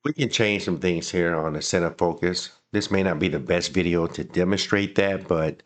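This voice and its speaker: A man hosting a software tutorial, talking casually and thinking aloud as he clicks through the program. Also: low-pitched, moderate pace. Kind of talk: screen-recording software walkthrough.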